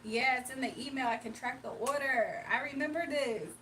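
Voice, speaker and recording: Woman livestream host from Virginia, high voice, relaxed banter with chat, slightly distant mic. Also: normal speed, a little hiss or hum. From Virginia, USA. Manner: chatty, laughs often, reads chat aloud. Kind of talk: casual livestream chat reading comments.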